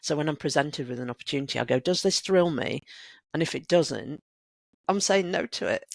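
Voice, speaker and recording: A woman's voice: sits low, brisk, gravelly, dry recording. A woman in her sixties, a guest creative coach, talking reflectively and telling stories in a casual conversation. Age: 60s. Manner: reflective, animated storyteller.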